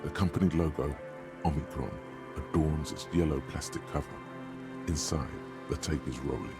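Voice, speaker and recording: Gravelly, very deep game narrator. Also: male voice. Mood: somber. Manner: measured, somber storytelling. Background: game music playing clearly.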